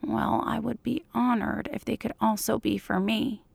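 A woman reading the part of an eager middle-aged man, speaking in a soft, breathy half-whisper in a fan fiction audiobook. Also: fairly high pitch, level tone, normal speed, no room sound. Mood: hushed, eager.

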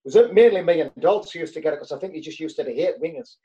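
A man's voice: a little high, expressive, fast talker, dark tone, dull audio. A man, a former footballer telling rambling anecdotes with lots of fillers in casual chat.

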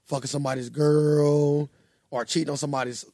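A young man co-hosting a podcast, telling a story in a casual, animated way and swearing freely. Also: a little high, a little fast, no room sound, studio quality. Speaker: podcast co-host. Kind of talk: casual chat.

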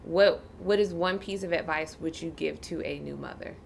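A woman hosts a casual interview in a lowish, gravelly voice. She listens supportively and mostly gives short replies. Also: moderate pace, a little hiss or hum. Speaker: host.

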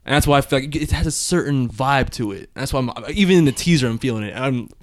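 A man co-hosting a casual podcast chat, excitable and full of slang. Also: mid-range voice, fast, dry recording, clean studio sound. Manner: animated, excitable, uses slang. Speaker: co-host.

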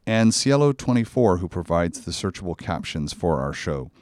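A man's voice: low voice, big pitch swings, normal speed, darkish tone, no room sound. A man hosting a podcast in casual chat, effusive and enthusiastic in his praise. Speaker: podcast host.

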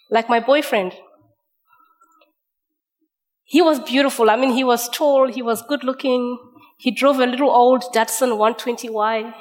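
A woman from Zimbabwe opening a personal story on stage in a conversational, gently wry way. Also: on the high side. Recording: reverberant hall.

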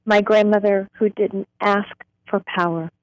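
A woman poet on a radio show, reading her own poem slowly and deliberately, drawing out words. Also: mid-range voice, steady tone, poor audio. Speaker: poet guest. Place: radio studio.

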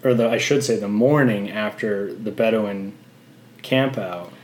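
A man's voice: lowish voice, measured pace, slight background noise. A man in his late twenties co-hosting a podcast, joking and rambling in casual chat. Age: 20s. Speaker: podcast co-host. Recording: echoey room.

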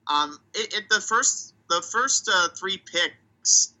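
A man's voice: sits high, lively intonation, slow pace, bright, forceful tone, low-quality recording. A man co-hosting a hockey podcast, talking casually and thinking aloud as he weighs prospects and reads out stats. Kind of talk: casual chat.

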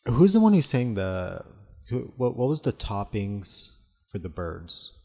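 A man's voice: fairly low pitch, sing-song, a little slow, creaky, a little mellow. A tired man co-hosting a casual podcast chat, rambling, asking questions and correcting himself. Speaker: podcast co-host. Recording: long hall reverb.

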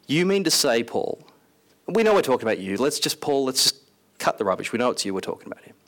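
A man's voice: mid-range voice, sing-song, quick pace, a bit bright. A man voicing a pestering group of Corinthian churchgoers who beg and push for more. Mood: eager. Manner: pleading, whiny, pushy.

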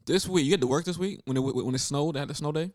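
A man co-hosting a podcast, chiming in quietly in casual chat with short questions. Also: fairly high pitch, fast, no room sound, clean studio sound. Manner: quiet, brief interjections and questions. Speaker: podcast co-host.

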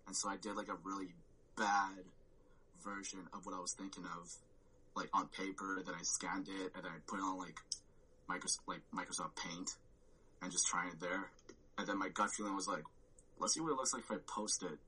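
A man's voice: low voice, little pitch movement, normal speed, bright, forceful tone, breathy edge, poor audio. A man telling a story on a podcast, rambling with lots of "like" and swearing and acting out his own reactions. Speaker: podcast guest. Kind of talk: casual storytelling chat.

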